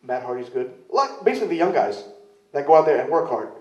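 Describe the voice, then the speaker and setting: A rambling man tells self-mocking stories in a casual interview and slips into other people's voices when he quotes them. His voice sits a bit high and mellow. He sounds off-mic in a roomy, dull-sounding space. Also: big pitch swings, quick pace, distant mic. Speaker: interview guest, wrestler. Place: club venue in London.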